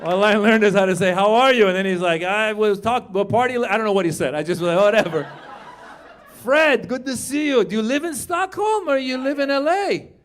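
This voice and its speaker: A man in his fifties doing stand-up comedy on a club stage, working the crowd with loud, animated delivery and shouted punchlines. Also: high voice, fairly quick, few pauses. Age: 50s.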